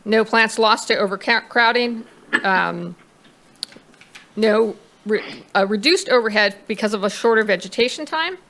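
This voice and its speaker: A woman's voice: fairly high pitch, unhurried, bright, forceful tone. A woman consultant presenting to a planning commission, reading out figures with a few fillers. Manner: reads out figures, with some fillers.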